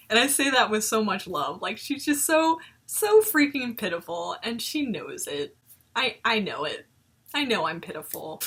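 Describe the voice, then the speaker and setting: Bright-voiced young woman, animated and self-mocking. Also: medium pitch, normal speed, husky. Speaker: vlogger reviewing her old video. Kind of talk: reflective casual commentary.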